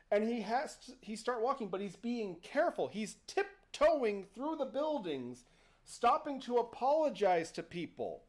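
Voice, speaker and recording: A man's voice: high-pitched, normal speed. A man hosting a livestream, casually retelling a story and acting out the characters. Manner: animated, playful, acts out characters. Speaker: host.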